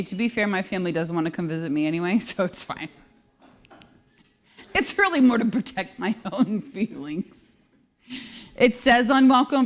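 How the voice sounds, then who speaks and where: Female host, 30s, casual live-stream chat, self-deprecating humor. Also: medium pitch. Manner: self-deprecating, joking, laughs often.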